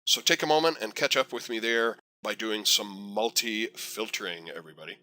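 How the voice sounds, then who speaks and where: Bright-voiced chatty male software instructor. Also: lowish voice, normal speed. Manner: chatty, encouraging, folksy asides. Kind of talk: screen-recorded tutorial.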